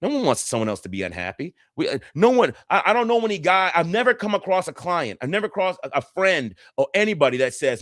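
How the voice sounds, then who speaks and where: A man's voice: high voice, very animated, fast, hardly any pauses, a bit bright, no room sound, clean studio sound. A man coaching on relationships in a casual, earnest teaching talk, repeating points and acting out quoted voices.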